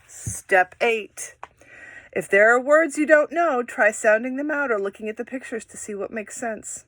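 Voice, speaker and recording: A woman teaching children how to read aloud with a buddy, in an animated, sing-song and encouraging way. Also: fairly high pitch, unhurried, dry recording. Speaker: reading teacher.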